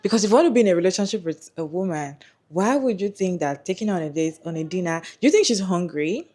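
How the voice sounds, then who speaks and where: A woman's voice: fairly low pitch, lively intonation, fast talker, warm tone. A woman ranting to camera about men and dating, emphatic and mocking, hammering her point home.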